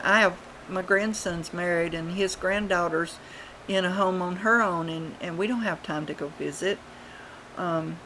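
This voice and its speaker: A woman, telling childhood stories in a rambling, unhurried way with many fillers, recorded on a webcam at home. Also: fairly low pitch, fairly bright tone, slight background noise, rough recording. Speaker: vlogger. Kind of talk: casual storytelling.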